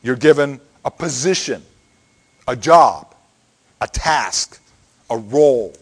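A man's voice: medium pitch, expressive, takes it slowly, slightly rough. A middle-aged man preaching a sermon in a conversational way, often checking in with "okay?". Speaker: pastor.

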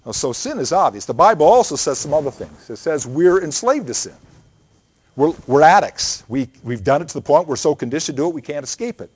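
A man's voice: a little high, big pitch swings, brisk, darkish tone, husky. A man preaching a sermon, earnest and emphatic, building points through repeated phrases and reading scripture aloud. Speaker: pastor.

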